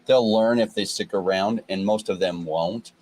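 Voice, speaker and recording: A man's voice: fairly low pitch, normal speed, a little mellow, a little hiss or hum, rough recording. A man hosting a casual crypto livestream, confident and lecturing, talking at length. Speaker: crypto show host.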